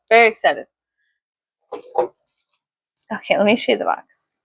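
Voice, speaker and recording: A woman's voice: mid-range voice, lively intonation, measured pace, vocal fry, long pauses, a little hiss or hum. A woman vlogger chatting casually through an unboxing, giggly, rambling and poking fun at herself. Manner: giggly, rambling and self-mocking. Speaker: vlogger reviewing a perfume package.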